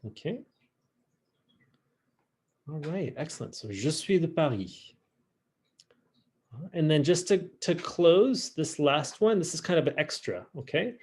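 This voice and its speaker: Lively, husky-voiced French teacher. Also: male voice, on the high side. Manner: drawls y'all, drills phrases slowly. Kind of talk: online class teaching. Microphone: video call.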